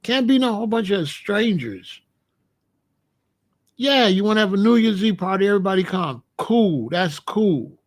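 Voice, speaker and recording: A man's voice: high voice, animated, moderate pace. A man hosting a casual talk show and giving blunt, joking advice on marriage, acting out little scenes as he goes. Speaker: host.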